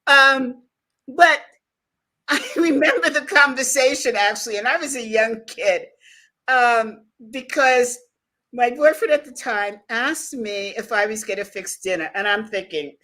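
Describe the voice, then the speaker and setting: A woman's voice: on the high side, unhurried. A woman from the United States hosting an interview, telling stories with lots of laughter. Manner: animated storyteller, laughs often. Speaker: podcast host. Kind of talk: conversational interview.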